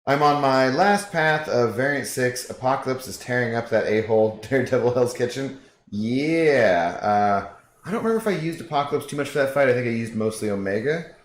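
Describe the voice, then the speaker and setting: A man streams a video game, joking casually with his viewers and reading their messages out loud. His medium-pitched voice sounds reverberant.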